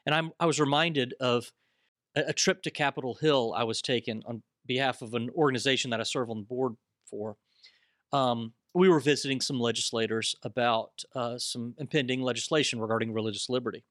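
A man's voice: mid-range voice, fairly even intonation, a little fast, a bit bright, dry recording, clean studio sound. A man speaking earnestly, almost like a preacher, as a panelist in a bible study discussion.

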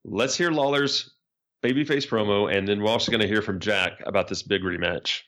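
A man's voice: lowish voice, moderate pace, fairly bright tone. A man hosting a podcast, chatting and telling stories in a casual way before he introduces clips. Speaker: podcast host. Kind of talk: casual chat.

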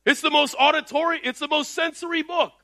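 A man preaching a sermon loudly and emphatically, his voice rising in bursts as he exhorts the congregation. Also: very high-pitched, steady tone, a little fast. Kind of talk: energetic sermon. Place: Texas.

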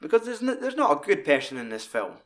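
A man's voice: sits high, sing-song, fast talker. A man, co-hosting a casual film discussion, rambling and swearing a lot. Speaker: podcast co-host.

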